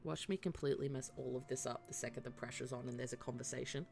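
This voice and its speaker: A woman streamer chats her way through a cozy game, rambling and poking fun at herself as she plans character voices. Her voice is low and gravelly, unhurried, over a faint hiss of background noise. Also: fairly even intonation, a little mellow. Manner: chatty, self-deprecating, thinking aloud. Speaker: live-streamer. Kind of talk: casual gaming stream chat.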